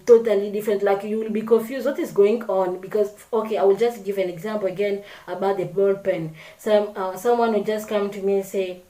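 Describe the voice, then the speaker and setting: A woman's voice: medium pitch, warm tone, roomy sound, rough recording. A woman vlogger talking to camera about getting along with people, speaking unscripted, often repeating and correcting herself and acting out little examples. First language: French. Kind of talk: casual advice talk to camera.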